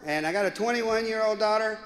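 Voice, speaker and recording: A man doing live stand-up comedy, animated and bursting into shouts, on a 1980s live album with audience laughter. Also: high-pitched, brisk, long reverb tail, a little hiss or hum. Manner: animated, breaks into shouting and character voices. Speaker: Christian comedian.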